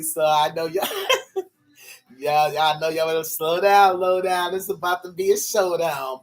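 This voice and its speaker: A man talking casually to his viewers in a rambling, profane way, high and tired, laughing often. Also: expressive, takes it slowly, pauses often. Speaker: vlogger.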